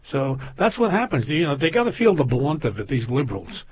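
A man's voice: mid-range voice, very animated, brisk, darkish tone, slightly rough, dry recording. An older man in casual chat, rambling through stories with many restarts and laughing at his own jokes. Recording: dull lo-fi sound.

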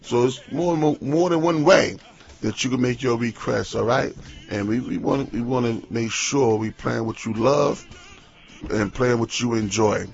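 Pastor guy on morning radio, gravelly and kinda husky, folksy rambling chat, muffled sound. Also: medium pitch, moderate pace, soft background music. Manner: folksy, repeats words, tells stories animatedly. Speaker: pastor and radio show host.

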